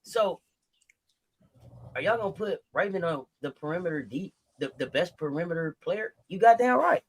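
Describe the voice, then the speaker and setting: A man co-hosting a sports podcast, talking in an animated, slangy way and laughing often. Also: high-pitched, normal speed, a little hiss or hum. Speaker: podcast co-host. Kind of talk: casual sports talk.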